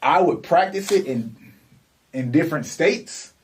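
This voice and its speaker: A man's voice: a little high, animated, a little slow, recorded from a distance. A man co-hosting a music podcast, telling rambling, laid-back stories. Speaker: podcast co-host. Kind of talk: casual podcast chat.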